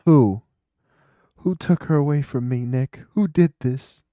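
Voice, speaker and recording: A man's voice: mid-range voice, unhurried, dark tone, dry recording, studio quality, close to an everyday voice. A man voicing a panicky, melodramatic young man who wails in despair. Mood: wailing.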